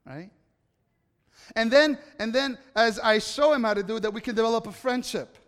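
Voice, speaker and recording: High-voiced pastor in a reverberant hall. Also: male voice, normal speed, a bit bright, clear, resonant tone. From Italy. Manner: chatty, repeats words when restarting. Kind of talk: conversational sermon storytelling.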